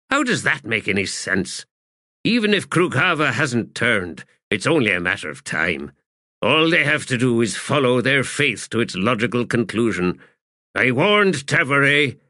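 A man voicing a sharp-tongued male wizard in an audiobook, indignant and quick. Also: medium pitch, very animated, no echo, studio quality, pitched above the performer's own voice. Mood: worried. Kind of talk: audiobook character voice.

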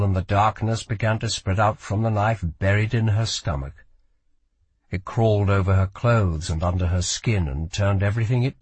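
A man with a low, slightly husky voice narrates a fantasy novel. He reads slowly and dramatically, his pitch rising and falling freely. The recording is close and dry. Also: no echo. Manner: measured, dramatic storytelling. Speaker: audiobook narrator. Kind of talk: scripted narration.

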